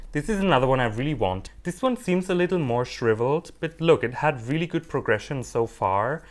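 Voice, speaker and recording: Playful, animated man unboxing plants. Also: mid-range voice. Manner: animated, playful and self-mocking. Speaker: orchid hobbyist vlogger. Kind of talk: casual unboxing chat.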